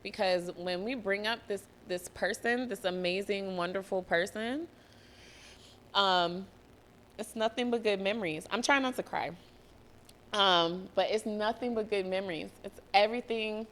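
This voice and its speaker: A woman's voice: mid-range voice, normal speed, a bit bright, a little hiss or hum. A young woman hosting a solo podcast, telling a personal story candidly, swearing freely and close to tears at times. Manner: candid, swears freely, laughs and nearly cries. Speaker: podcast host.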